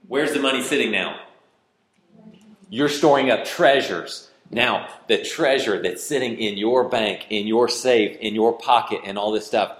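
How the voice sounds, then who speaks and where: A man preaching a sermon, questioning the congregation and swinging from loud outbursts to hushed delivery. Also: on the low side. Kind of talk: interactive sermon. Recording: roomy reverberant hall.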